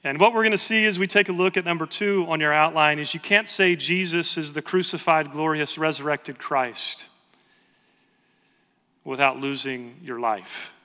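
A man's voice: fairly high pitch, moderate pace, sharp tone. A man in his thirties preaching a sermon as pastor, earnest and emphatic, repeating key phrases. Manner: earnest, building to emphatic repetition. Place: large church hall. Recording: long reverb of a large hall.

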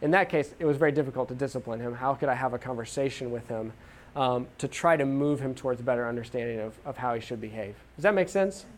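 A man's voice: medium pitch, quick pace, slight background noise. A man in his thirties giving a talk on parenting, telling a story about his own child and acting out what he said with small laughs. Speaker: speaker on parenting. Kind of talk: anecdotal teaching talk.

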